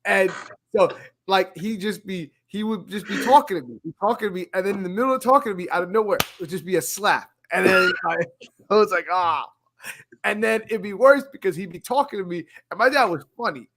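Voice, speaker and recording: A man with a slightly high voice tells animated childhood stories in a casual podcast chat. He often laughs through his own anecdotes. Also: fast talker. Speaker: podcast co-host.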